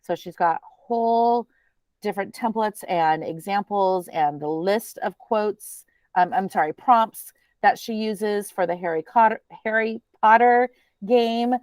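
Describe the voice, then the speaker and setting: Speaking at a measured pace in a mid-range voice, a woman leads a teacher training webinar. She keeps it easygoing and conversational with plenty of ums, and the sound is echo-free.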